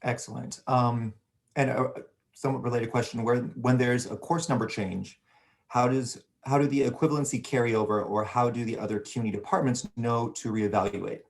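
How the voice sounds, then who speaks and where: A man's voice: medium pitch, steady tone, moderate pace, vocal fry. Male moderator, brief and businesslike, reading audience questions.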